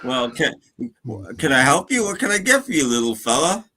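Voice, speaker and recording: A man's voice: fairly high pitch, very animated, moderate pace, pushed and bright, slight background noise, pitched above the performer's own voice. A man voicing a patient male bartender in a spoken joke, who grows exasperated and threatening. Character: patient male bartender losing his temper.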